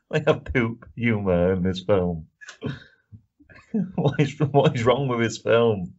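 A man's voice: mid-range voice, expressive, slow pace, darkish tone. A man co-hosting a casual film review podcast, ranting and swearing often with frequent laughs. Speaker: podcast co-host. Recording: dull lo-fi podcast audio.

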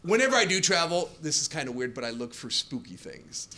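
A male stand-up comedian who tells his jokes in an animated way and acts out customers and counter workers, on a comedy club stage. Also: a little high, a little fast, a little hiss or hum. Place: comedy club stage before a laughing crowd. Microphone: handheld stage mic. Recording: live club audience laughter.

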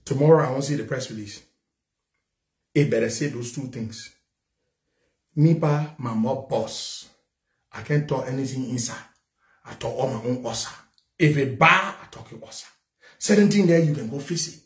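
A man hosting a talk show, ranting angrily about a political party with repeated challenges and bursts of shouting. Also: medium pitch, moderate pace, long pauses, roomy sound. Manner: fiery, repetitive, shouting at times. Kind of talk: angry political rant.

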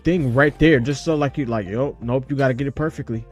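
A man giving casual, swearing commentary while playing a game, squealing and shouting at jumps and singing bits of rap. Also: mid-range voice, fairly quick, faint music behind. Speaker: gaming streamer. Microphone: headset or desk mic with face cam.

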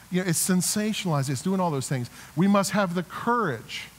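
A man's voice: sits high, lively intonation, fairly quick, few pauses. A man preaching a sermon as a pastor, earnest, with repeated restarts, building to emphatic exhortations. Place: church sanctuary. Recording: reverberant church sanctuary.

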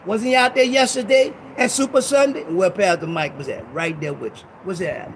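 A man's voice: high-pitched, moderate pace, slight background noise, rough recording. A man preaching a confrontational, informal sermon as pastor, full of street talk and rhetorical questions.

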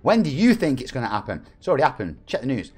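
A man's voice: mid-range voice, wildly swooping pitch, very fast, background noise. A man, chatting and joking with viewers as a game streamer. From England. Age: 40s. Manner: chatty, jokey, reads out viewer messages. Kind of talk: live-stream chat with viewers.

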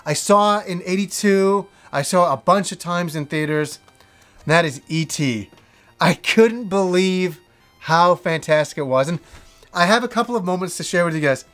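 A middle-aged man hosting a show, talking casually and excitedly about his favourite movies, rambling with restarts and the odd swear word. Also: sits high, normal speed. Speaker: host. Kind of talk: casual movie list talk.

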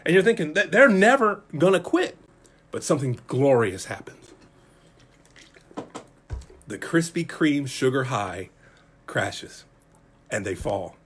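Animated husky-voiced pastor preaching. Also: male voice, on the high side. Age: 40s. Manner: animated, acts out characters and jokes with the room. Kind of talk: Bible study sermon. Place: church.

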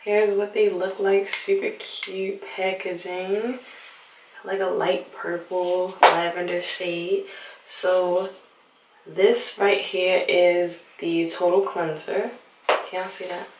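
A young woman vlogger talking casually at night in a hushed, half-whispered voice so she won't wake anyone, recording on a handheld phone in her bathroom. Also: fairly low pitch, little pitch movement, takes it slowly, background noise. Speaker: beauty vlogger. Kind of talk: late-night casual vlog. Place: bathroom at home. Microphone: handheld phone camera. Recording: roomy, slightly distant phone audio.

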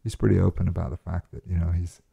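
A male actor, a guest chatting casually in a flat, relaxed and rambling with many fillers. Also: low-pitched, fast talker, creaky, husky, narrow, tinny audio. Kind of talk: casual interview chat. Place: host's flat.

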